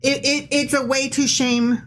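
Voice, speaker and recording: A woman's voice: sits high, flat delivery, measured pace, fairly bright tone, slight background noise. A woman co-hosting a podcast, mixing casual, swearing chat with reading passages aloud. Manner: chatty, swears, laughs easily, lots of likes and restarts.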